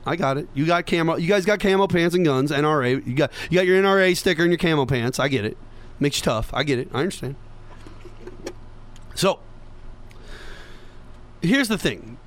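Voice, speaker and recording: A man's voice: fairly high pitch, lively intonation, brisk, pauses often. A man hosting a podcast, delivering an opinionated political monologue with sarcasm and mocking asides. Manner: sarcastic, mocking impressions of others. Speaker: podcast host.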